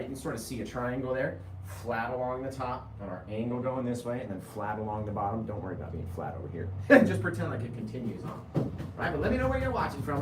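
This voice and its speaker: A man hosting a live painting tutorial, chatty, laughing easily and often checking in with a quick "right?". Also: mid-range voice, echoey room, slight background noise. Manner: chatty, keeps asking "right?"; laughs easily while talking. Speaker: painting instructor.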